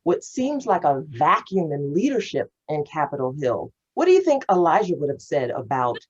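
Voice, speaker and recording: A woman reverend hosts the meeting and puts measured, earnest questions to her guest. Her voice is very low and husky. The audio is dull and lo-fi. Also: very animated. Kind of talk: hosted conversation, asking questions.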